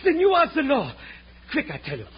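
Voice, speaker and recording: A flustered jewelry courier who talks in frantic, stammering broken English. The voice is very high and leaps up and down. It comes from an old, muffled radio recording with a light hiss. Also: male voice, huge pitch swings, a little fast, full character voice. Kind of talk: 1950s radio drama acting.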